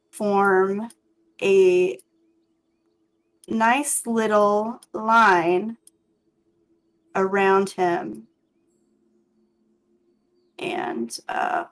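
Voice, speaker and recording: A woman narrating as game master of a tabletop game, hesitant and full of pauses. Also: medium pitch, a bit bright, rough recording. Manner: slow and hesitant, with many ums. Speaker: dungeon master.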